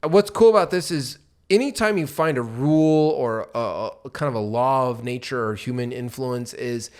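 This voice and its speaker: A man co-hosting a business podcast, teaching with lively examples and acting out rising and falling tones. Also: mid-range voice, normal speed. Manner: animated, acts out rising and falling tones to make points. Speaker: podcast co-host. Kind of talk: coaching podcast talk.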